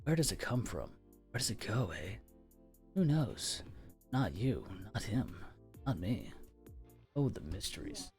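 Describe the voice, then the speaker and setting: A man's voice: on the low side, big pitch swings, a little slow, pauses often, darkish tone, soft background music. A man voicing a weepy, nostalgic old male barber who asks wondering, tearful questions.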